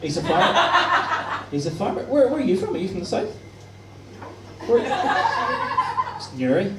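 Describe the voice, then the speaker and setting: A man's voice: high voice, huge pitch swings, moderate pace. A male stand-up comedian doing a live set, chatty and teasing as he works the crowd. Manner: cheeky, chatty, teasing the audience. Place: live comedy venue stage. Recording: roomy distant live room with crowd noise.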